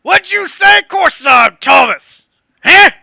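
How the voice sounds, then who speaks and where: A cranky hunchbacked old boatman, as a man puts him on for a tabletop game, barking in a high, strained voice. He sounds sharp and bright, close and dry, shouting his complaints. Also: animated, slow, vocal fry, dry recording, heavily acted. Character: gruff hunchbacked old male boatman, impatient.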